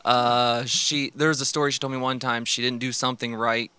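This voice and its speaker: A man's voice: medium pitch, level tone, fairly quick, sharp tone, smooth, dry recording. A young man telling family stories casually on a podcast, rambling with lots of fillers and laughs. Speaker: guest.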